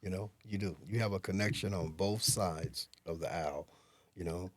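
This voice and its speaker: A man's voice: low voice, fairly even intonation, normal speed. A man hosting a podcast interview, reflective, with lots of affirmations. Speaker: podcast host. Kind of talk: casual interview chat.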